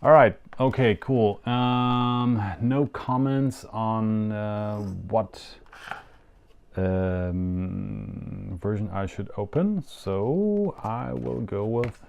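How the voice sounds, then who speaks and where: A man's voice: on the low side, very slow, creaky, a little mellow, highs cut off. A man with a German accent hosting a yo-yo show, rambling and self-mocking through a live unboxing. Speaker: yo-yo show host.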